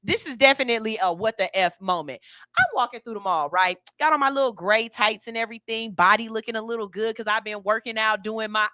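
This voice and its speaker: A woman hosting a morning radio show, telling stories in an animated, candid and slangy way. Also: a little high, brisk, dry recording, clean studio sound. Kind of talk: casual morning radio talk. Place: radio studio.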